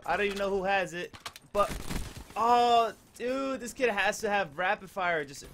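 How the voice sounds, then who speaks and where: A young man giving excited gameplay commentary, breaking into loud outbursts and trash talk. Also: sits high, normal speed, slight background noise. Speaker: gaming video creator.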